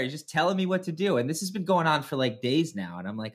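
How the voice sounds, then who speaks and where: A man's voice: fairly high pitch, sing-song, fast talker. A man hosting a casual sports podcast, upbeat and chatty with lots of filler words. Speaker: podcast host.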